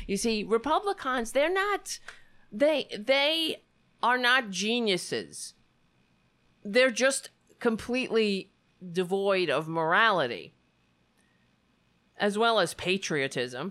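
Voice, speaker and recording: Fiery, animated woman political commentator. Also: mid-range voice. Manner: indignant, sarcastic, swears freely. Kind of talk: heated political commentary monologue.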